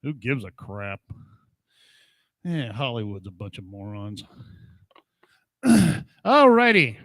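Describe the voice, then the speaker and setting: Brief: middle-aged host, sarcastic and mocking, bright tone, dry close sound. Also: male voice, medium pitch, sing-song, slow, creaky, no echo. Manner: sarcastic, mocking, chuckles often. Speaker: podcast host playing old records. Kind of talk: casual rant.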